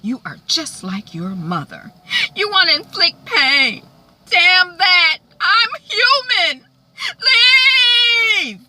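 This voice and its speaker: A woman voicing a furious, grieving young woman who shouts through tears. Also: on the low side, animated, measured pace, few pauses, background noise. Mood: anguished.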